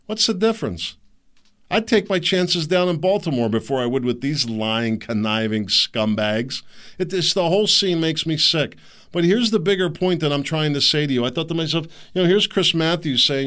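Animated, sarcastic male podcast host. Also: fairly high pitch, normal speed. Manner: rambling, sarcastic, indignant. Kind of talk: political commentary monologue.

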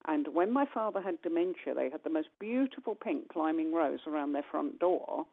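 A woman, a guest medium, telling a long personal story on a call-in radio show and acting out the dialogue with animated voices. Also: low-pitched, normal speed. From United Kingdom. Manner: animated, acts out quoted dialogue. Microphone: telephone. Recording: tinny phone line.

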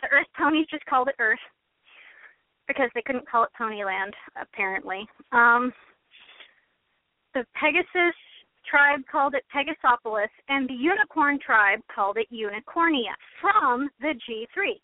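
A woman's voice: high-pitched, lively intonation, normal speed, dry recording. A woman co-hosting a casual chat show, opinionated and laughing often. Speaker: podcast co-host. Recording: tinny phone-line call, dry.

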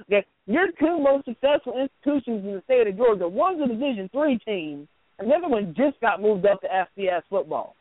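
A man with a high voice co-hosts a sports radio talk show and mocks the local teams with sarcastic asides. The sound is tinny and phone-like, dry and close. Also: sing-song, a little fast, no echo. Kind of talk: casual sports radio rant.

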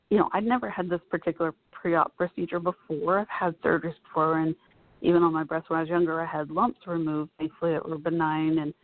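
A woman vlogger telling a personal story in a casual, chatty way, full of "you know" asides. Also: lowish voice. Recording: dry, tinny phone-like sound.

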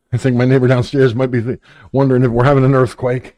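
Out of breath guy rambling on his call-in show, mid pitch, dry close mic, no room sound. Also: steady tone, fairly quick, pauses often, a little mellow, no echo. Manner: rambling, self-talking, scrambling. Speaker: radio show host. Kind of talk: casual call-in show chat.

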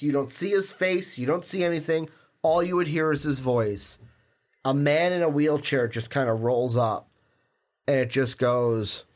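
A young man co-hosting a casual podcast chat, animated and quick to slip into playful put-on voices. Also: medium pitch. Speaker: podcast co-host.

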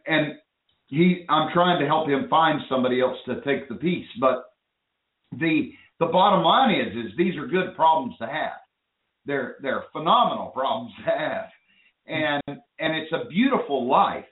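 A man hosting a call-in radio talk show, talking with enthusiasm and rambling with restarts. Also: fairly high pitch. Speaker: show host. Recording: phone-line audio in an echoey room.

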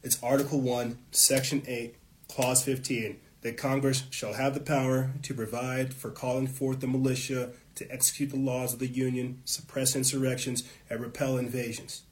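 A man's voice: medium pitch, little pitch movement, normal speed. A man hosting his own show, delivering an impassioned political monologue, fired up and swearing often. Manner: fired up, profane, preachy. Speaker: show host.

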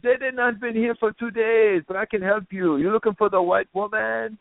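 A man voicing a laid-back Jamaican street dealer in a high, drawling put-on voice with a Jamaican accent. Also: steady tone, moderate pace, vocal fry, no echo. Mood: sly. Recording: tinny phone-like line.

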